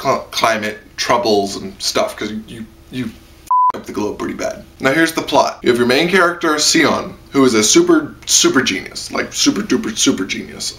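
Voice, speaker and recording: Guy rambling thru a review, bright voice, pitch jumps all over, tons of likes and ums. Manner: rambling, heavy on fillers, jumps into high-pitched mock quotes. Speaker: anime reviewer. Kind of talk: casual spoken review.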